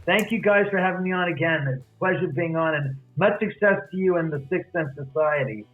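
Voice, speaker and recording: A guest author with a slightly high voice speaks a bit quickly and tells a story with animation, performing the other person's lines himself. The audio sounds tinny, like a phone line, with faint music in the background.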